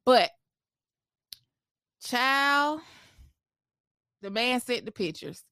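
Candid, animated woman telling a story. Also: fairly high pitch, drawn-out words, smooth, no echo, studio quality. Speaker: vlogger. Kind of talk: casual storytelling vlog.

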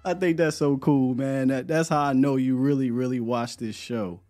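A relaxed man hosting a live podcast, chatting loosely with lots of slang and repeated words. A little music plays faintly in the background. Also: medium pitch, moderate pace. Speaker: podcast host. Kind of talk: casual live-stream chat.

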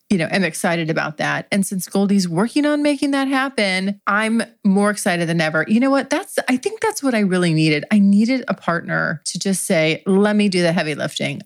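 A woman hosts her own podcast, talking frankly and chattily and laughing often. Her voice sits at a middling pitch, and the recording is dry and close. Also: dry recording. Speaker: podcast host. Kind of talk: frank solo podcast monologue.

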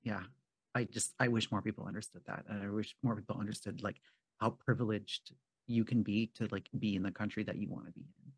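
Breathy woman hosting a casual chat. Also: a bass voice, steady tone, fairly quick, no echo, studio quality. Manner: friendly, self-deprecating, giggly asides. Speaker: podcast host.

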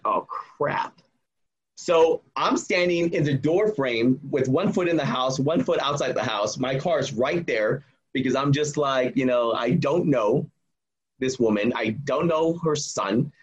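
Recorded on poor-quality audio, a man with a medium-pitched, slightly rough voice casually recounts a personal story. He's animated, acting out the dialogue of each person involved.

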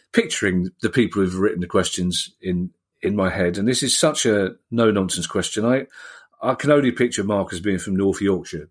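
A man's voice: low voice, slightly rough. A man co-hosting a football podcast, chatting casually and jokingly reading out listener questions. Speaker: podcast co-host. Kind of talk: casual chat.

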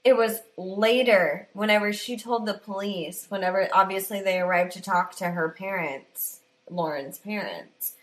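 A woman's voice: mid-range voice, a little slow, few pauses. A woman co-hosting a true-crime podcast, telling the story in a loose, profane, joking way. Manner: profane, laughs often, storytelling. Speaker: podcast co-host. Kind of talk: casual true-crime chat.

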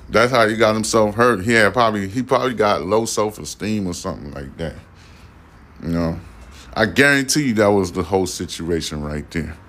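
A man's voice: on the low side, bright, forceful tone. A man hosting a podcast, reading a news story and then ranting about it in a blunt, profane, slangy way. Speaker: podcast host. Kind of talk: casual news commentary.

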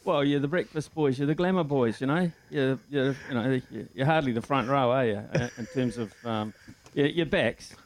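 A man's voice: medium pitch, normal speed, slight background noise. A man who is a veteran sports commentator, ribbing the hosts wryly on the radio. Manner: wry, ribbing. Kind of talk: radio banter.

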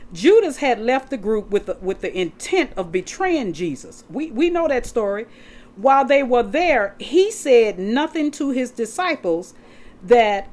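Animated woman preaching a sermon. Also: medium pitch. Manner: emphatic, repeats words for stress, addresses listeners as saints; reads scripture aloud from notes and flips pages. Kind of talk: sermon with scripture reading.

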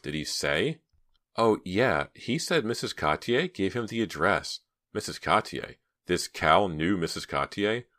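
A man voicing teenage girls in an audiobook, raising his voice above his own low register for their dialogue. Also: dry recording, studio quality. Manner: lifts his voice higher and louder for the girls.

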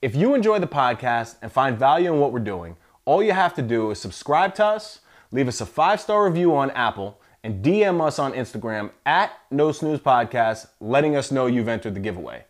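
A man reads a scripted podcast announcement, upbeat and promotional. His pitch moves a lot and his delivery is lively. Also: a little fast. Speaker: podcast host.

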